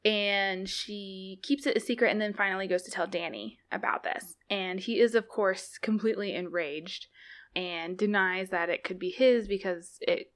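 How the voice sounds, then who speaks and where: A woman co-hosting a podcast who retells a book's plot in a casual, animated way and is quick to laugh. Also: mid-range voice. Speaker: podcast co-host. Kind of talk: casual book-discussion chat.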